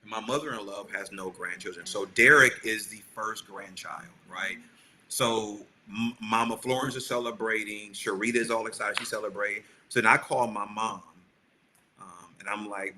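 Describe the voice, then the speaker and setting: Bright-voiced man telling a story. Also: lowish voice, moderate pace, a little hiss or hum, low-quality recording. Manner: animated storyteller, acts out quotes. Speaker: podcast co-host. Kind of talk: storytelling chat.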